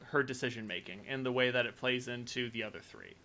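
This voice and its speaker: A man's voice: mid-range voice, fast talker, bright, forceful tone. Hesitant man running a tabletop game. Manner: hesitant, many ums. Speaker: game master. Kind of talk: tabletop role-play chat.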